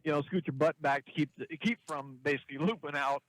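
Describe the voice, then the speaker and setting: Relaxed middle-aged male co-host, dry sound. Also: a little high, fast talker, no echo, poor audio. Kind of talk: casual radio chat.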